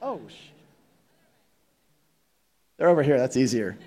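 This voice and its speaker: A man's voice: medium pitch, very animated, measured pace, a little mellow. A man moderating a conference panel, reading out audience questions in a playful way.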